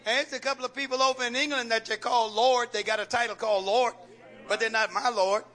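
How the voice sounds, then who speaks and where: Preacher guy, real high bright voice, call and response stuff, keeps repeating lines. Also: steady tone, quick pace, a faint crowd. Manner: folksy, joking with the congregation. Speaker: pastor. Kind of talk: sermon.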